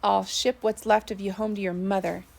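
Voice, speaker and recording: A woman's voice: medium pitch, level tone, normal speed, vocal fry, a little mellow. A woman voicing a joking young sailor who teases his shipmate. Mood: teasing. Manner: teasing, grinning.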